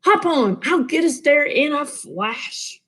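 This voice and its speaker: Storybook role: woman playing an eager, helpful cow, high and bouncy. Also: animated, takes it slowly, a bit bright, full character voice. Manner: eager and reassuring. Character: helpful, can-do flying cow.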